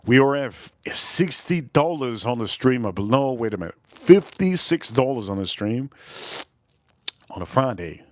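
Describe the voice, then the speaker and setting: Man, streamer, casual tasting host. Rambles and repeats himself, voice slightly deeper and a bit under the weather. Dry, close sound. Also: no echo. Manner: rambling, repeats phrases, gives chat shout-outs. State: voice turning deeper, feeling a bit ill. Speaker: live-stream whiskey reviewer.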